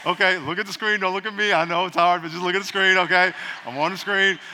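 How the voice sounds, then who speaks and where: A man's voice: sits high, fairly even intonation, fast talker, sharp tone, big-room sound, a little hiss or hum. A man preaching a sermon as pastor, calling on the congregation to repeat after him, with playful asides. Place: church.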